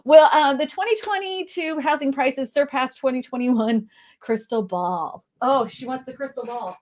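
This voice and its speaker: A high-pitched, slightly mellow woman talks at a normal speed on a video call. She's a panelist and real estate agent in a casual chat, laughing frequently as she passionately goes off about housing.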